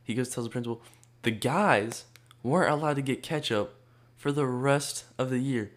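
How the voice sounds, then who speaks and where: A man's voice: mid-range voice, moderate pace. A man in a casual chat telling a crude school story, laughing as he goes. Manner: laughing, laid-back anecdote telling.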